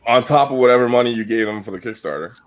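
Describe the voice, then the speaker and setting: A man rants on a casual podcast, heated and profane, swearing through nearly every sentence. His voice sits at an ordinary middle pitch, and the talk is loose and conversational. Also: animated, racing. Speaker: podcast host.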